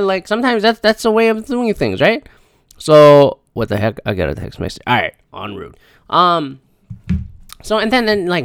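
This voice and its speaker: A man in his mid-thirties, recorded dry and close, talking on his own podcast in a loose, rambling, foul-mouthed rant. His voice is smooth and resonant at a middle pitch, and he keeps drifting off on tangents. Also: no room sound. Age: 30s. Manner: profane, rambling, animated. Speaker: podcast host. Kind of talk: casual solo podcast rant.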